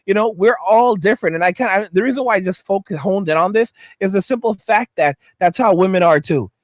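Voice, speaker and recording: High-voiced man ranting bluntly. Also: fairly quick, no echo. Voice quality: high-pitched voice. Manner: blunt, heated ranting with many restarts. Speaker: host of a commentary channel. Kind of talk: ranting commentary vlog.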